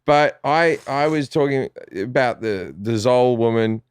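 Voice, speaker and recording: A man's voice: medium pitch, unhurried, clear, resonant tone, no room sound, studio quality. An Australian man guesting on a podcast, talking in a blunt, profane, rambling way with lots of restarts. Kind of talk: casual chat.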